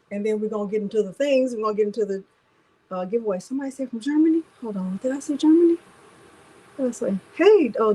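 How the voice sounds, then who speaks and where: A woman's voice: a little high, mellow, husky, poor audio. A woman hosting a casual craft livestream, chatting and greeting viewers by name one after another.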